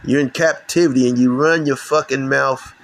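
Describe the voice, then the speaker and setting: Here the host, a middle-aged man from Chicago, delivers angry, foul-mouthed religious commentary, frequently tripping over and restarting his lines. His medium-pitched voice holds a steady tone at normal speed on a low-quality recording.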